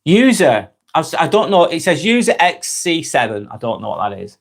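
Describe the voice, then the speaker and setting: A man from Lancashire, North West England, answers viewer comments on his informal live stream, often chuckling and calling people mate. His gravelly, slightly high voice swings widely in pitch at a normal speed.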